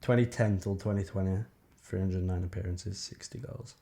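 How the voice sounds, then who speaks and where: A young man, co-hosting a casual football podcast, full of banter and quick asides. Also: low-pitched, steady tone, vocal fry, dark tone. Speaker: podcast co-host.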